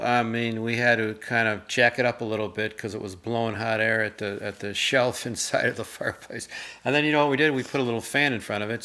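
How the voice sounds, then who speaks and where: A middle-aged man co-hosting a casual chat with his mother, telling rambling, animated stories and mimicking voices in them. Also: medium pitch. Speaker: co-host.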